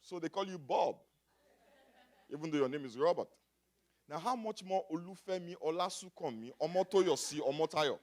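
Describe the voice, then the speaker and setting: A male pastor from Africa delivers a sermon in a voice pitched high for a man. His delivery swings widely in pitch as he builds from quiet asides to loud, shouted points. He calls out to the congregation for responses. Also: lively intonation, normal speed.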